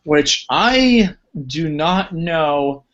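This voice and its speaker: A man on a casual podcast, steadily reading out articles and adding his own view. His voice sits slightly high. The sound is dull and lo-fi. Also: animated, extremely slow, a bit bright. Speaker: podcast host. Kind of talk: casual chat, reading news.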